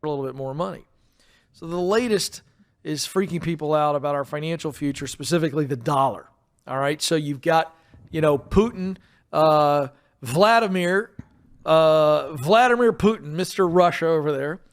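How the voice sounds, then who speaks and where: A male radio host with a fairly high voice, bantering with his co-host in an easy, joking way. He talks conversationally and keeps the tone light. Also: moderate pace.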